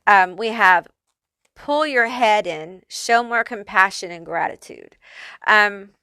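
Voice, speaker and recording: A woman's voice: mid-range voice, slow, pushed and bright, clean tone, dry recording, studio quality. A woman giving a casual pick-a-card tarot reading, chatty and loose, swearing freely and using lots of fillers. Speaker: tarot reader.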